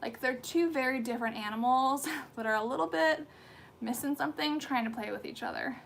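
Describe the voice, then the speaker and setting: A thirtysomething American woman hosts a casual skincare livestream from a home room with pets. Her voice sits high, slightly fast, creaky, and a bit bright, with a little hiss or hum, as she rambles with lots of fillers and restarts.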